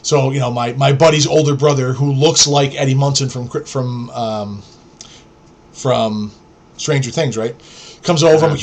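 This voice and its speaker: A middle-aged man from New York hosts a podcast, telling stories casually. He is blunt and profane, and he rambles. His voice sits at an ordinary middle pitch. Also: moderate pace, husky. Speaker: podcast host. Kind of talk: casual storytelling.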